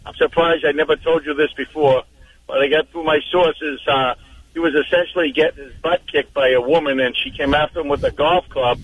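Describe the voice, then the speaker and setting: A man's voice: on the high side, fairly even intonation, brisk, far from the mic, narrow, tinny audio. A man calling into a radio show, passing along gossipy anecdotes with a chuckle. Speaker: caller. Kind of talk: call-in radio chat.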